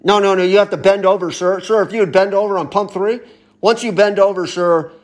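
A man's voice: high-pitched, steady tone, fairly quick, pitched above the performer's own voice, lightly acted. Man putting on a mock-polite gas station attendant. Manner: mock-courteous, repeatedly says sir.

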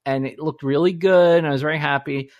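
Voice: medium pitch, steady tone, fairly quick, darkish tone, lo-fi sound. A host chatting casually, laughing often and acting out little quoted lines. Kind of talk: casual chat.

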